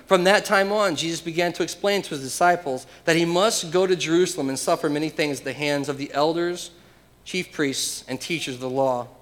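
A male pastor preaching a sermon, emphatic, swinging from loud proclamations to hushed asides. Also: fairly high pitch, big-room sound.

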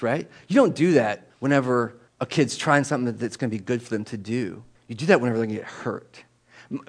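A middle-aged man preaching a sermon to a congregation, animated and jokey, acting out little voices of people as he tells stories. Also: on the high side. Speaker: pastor. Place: church in front of a congregation.

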